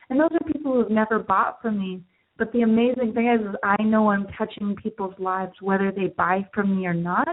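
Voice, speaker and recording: Woman coach on a tinny line. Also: medium pitch. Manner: enthusiastic, advice-giving. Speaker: guest, business coach. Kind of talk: conversational interview.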